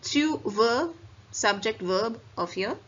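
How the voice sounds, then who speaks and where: A woman with an Indian English accent teaches a French grammar lesson in a lecture style. She explains each step, then repeats the example phrases slowly with a rising question lilt. Her voice sits a little high, and the recording sounds dull and lo-fi. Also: animated, a bit bright.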